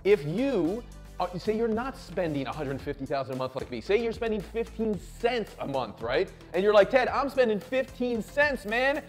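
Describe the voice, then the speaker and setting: A man hosting his own show, giving a loud, hyped motivational business talk full of swearing and constant "right?" and "okay?" checks. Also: high voice, big pitch swings, moderate pace, soft background music. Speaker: show host.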